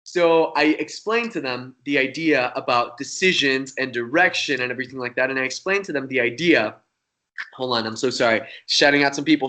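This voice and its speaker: A young man tells a story in a casual, rambling way. His voice is bright and forward, and he swears freely as he goes. He talks at a middle pitch. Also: fairly quick. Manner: profane, rambling, animated. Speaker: magician guest.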